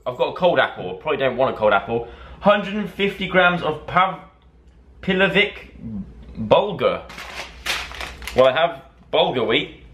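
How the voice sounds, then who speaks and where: A young man in his twenties vlogging as he cooks in his home kitchen, talking to the camera in a rambling, self-mocking, excitable way. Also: fairly high pitch, moderate pace, pauses often, muffled recording, a little hiss or hum. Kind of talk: casual chatty cooking vlog. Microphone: camera mic, talking to camera.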